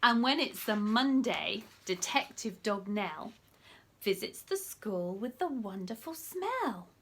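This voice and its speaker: A woman reading a picture book aloud for children at library story time, animated and often dropping to a whisper for asides. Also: mid-range voice, takes it slowly.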